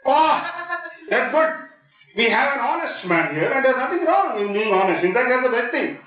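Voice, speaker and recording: Speaking at normal speed with an extremely high, very animated voice, this middle-aged Indian English man is a guest speaker joking with and quizzing students in a playful motivational talk. The large lecture hall echoes, and the mic sounds distant and dull.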